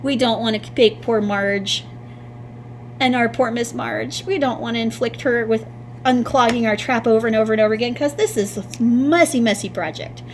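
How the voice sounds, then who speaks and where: A woman's voice: on the high side, normal speed, slight background noise. A woman art teacher giving a patient, sing-song classroom lesson to young children.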